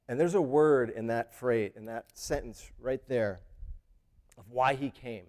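A man's voice: medium pitch, a little slow, a little mellow. A man who teaches school, talking earnestly about a story's theme, often repeating words and restarting sentences. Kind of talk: reflective talk on a story's theme.

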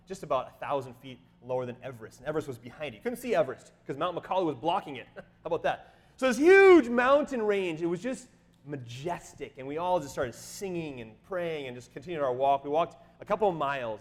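A middle-aged man preaching, telling a travel story in an animated way, acting out quotes in sudden high voices. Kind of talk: sermon storytelling.

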